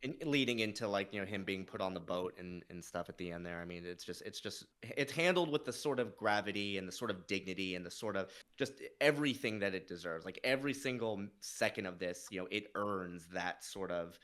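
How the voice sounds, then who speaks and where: A man's voice: deep voice, lively intonation, fairly quick, few pauses, fairly bright tone. A man co-hosting a casual film discussion, speaking earnestly and thoughtfully with fillers. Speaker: podcast co-host.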